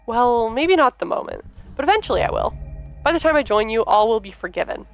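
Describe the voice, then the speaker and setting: A woman voicing a calm, menacing male captor in a visual novel, keeping his voice soft, even and mockingly gentle. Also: on the high side, fast, soft background music, pitched above the performer's own voice. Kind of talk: reading a visual novel aloud.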